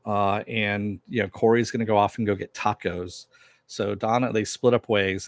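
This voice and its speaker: Man, casual show recap, low voice, dry close sound, blunt, rambling with restarts. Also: dry recording. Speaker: show host. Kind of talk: casual TV recap and review, answering live chat. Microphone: wearing headphones.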